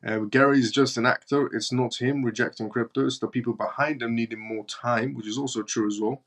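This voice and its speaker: A man's voice: mid-range voice, steady tone, brisk, fairly bright tone. A man with a British accent hosting a live stream, reading news and viewer comments aloud in a blunt, mocking way. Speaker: crypto livestream host.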